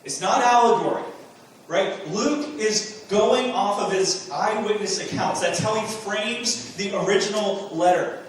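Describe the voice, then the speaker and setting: In a high-pitched voice, a man preaches as pastor, a little slow yet with hardly any pauses, earnest and given to rhetorical questions and emphatic bursts. A faraway mic captures him in a very echoey space with some hiss or hum.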